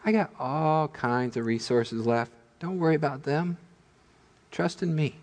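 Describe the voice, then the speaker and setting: A man voicing God as a quiet, gentle voice who asks soft questions. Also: on the high side, a little slow, big-room sound. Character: God as a still, small, gentle voice.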